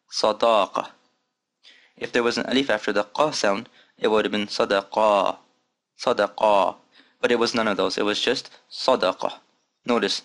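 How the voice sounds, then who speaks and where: Brief: man, lowish voice, patient language teacher who drills each word aloud. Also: a bit bright. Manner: patient, repeats words slowly for drilling. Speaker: Arabic teacher. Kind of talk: recorded lesson.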